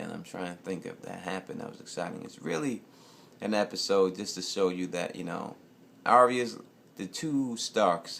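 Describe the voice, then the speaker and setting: Gravelly-voiced American man reviewing TV. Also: deep voice, slight background noise. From United States. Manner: loose, profane, rambling street talk. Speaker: TV show reviewer. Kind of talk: casual episode review.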